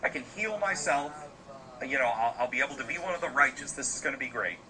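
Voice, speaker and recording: A man's voice: medium pitch, lively intonation, fast, lightly acted, rough recording. A man voicing a young outcast village boy who pleads and stammers, with crowd noise behind. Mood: pleading.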